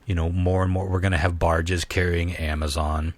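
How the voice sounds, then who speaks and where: A man's voice: sits low, little pitch movement, normal speed, no room sound. A man hosting a casual podcast chat, laughing often and swearing freely as he riffs. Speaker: podcast host.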